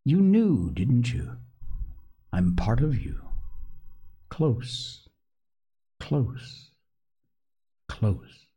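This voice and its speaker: A man's voice: medium pitch, sing-song, slow pace, pauses often, mellow, husky, heavily acted. A man voicing the Lord of the Flies, a taunting pig's head. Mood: mocking. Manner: taunting, schoolmasterly condescension. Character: menacing talking pig's head, mocking and sly. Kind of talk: audiobook reading.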